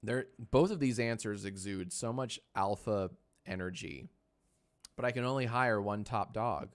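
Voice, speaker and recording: A man's voice: lowish voice, a little slow. Male streamer, 30s, casual joking chat, home room, desk mic. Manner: joking, runs viewer polls, talks to his dog; soft baby talk to his dog.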